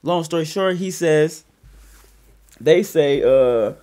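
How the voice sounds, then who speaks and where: A man casually telling a story on a podcast, profane and animated, with loud bursts as he acts it out. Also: on the high side, slow pace.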